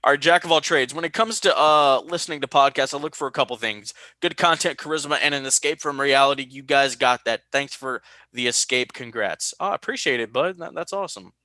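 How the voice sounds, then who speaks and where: A young man hosting a casual podcast, telling stories with lively jumps into high-pitched quoted voices. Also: fairly quick, few pauses, dry recording. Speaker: podcast host.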